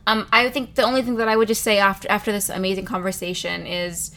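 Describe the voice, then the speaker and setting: A woman's voice: mid-range voice, little pitch movement, quick pace, a bit bright. A woman hosting a podcast in casual, giggly chat, a little tipsy and playful. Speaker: podcast host. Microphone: remote call.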